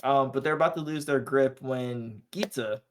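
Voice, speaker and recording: A man's voice: mid-range voice, moderate pace, slight background noise. Slangy man recapping an anime episode. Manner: loose slangy storytelling, acts out characters' lines. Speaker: podcast co-host.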